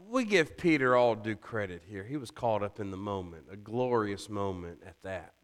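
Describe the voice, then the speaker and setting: A man preaching a sermon, chatty and full of rhetorical questions, rising high and loud whenever he quotes scripture. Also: expressive, normal speed, few pauses. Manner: conversational asides, rhetorical questions.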